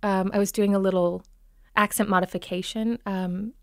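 A woman from Minnesota working as a dialect coach, explaining accents in a relaxed interview with many ums. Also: mid-range voice, moderate pace, no room sound, clean studio sound. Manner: explanatory, demonstrates sounds with frequent ums. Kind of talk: conversational interview.

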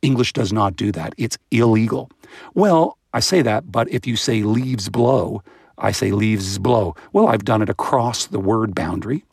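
A man with a low, gravelly voice and a slightly husky edge talks through how babies learn speech, vividly demonstrating sounds as he goes. The recording is close and dry, with no room around him. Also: moderate pace, no echo. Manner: animated, imitates baby sounds with high-pitched bursts. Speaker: guest expert on voice and language. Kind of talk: explanatory interview answers.

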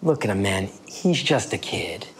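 A man voicing a gruff North Jersey Italian-American man with a blunt, calming manner, in a live comedy show recording. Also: lowish voice, measured pace, voice pushed down, heavily acted.

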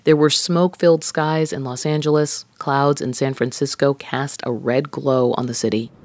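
Measured news host reading narration. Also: medium pitch, fairly even intonation, a little mellow, no room sound.

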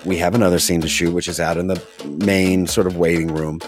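A man, an actor, telling a casual anecdote from a film set, animated and quick to laugh. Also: low-pitched, over music. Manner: animated, laughs often, mimics others' voices. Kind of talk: casual storytelling.

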